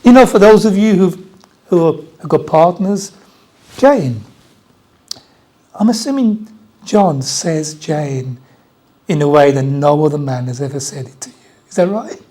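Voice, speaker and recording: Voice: mid-range voice, animated, a little slow, long pauses, mellow. An Australian preacher giving an Easter sermon in a church, conversational, repeating key phrases and joking with the congregation.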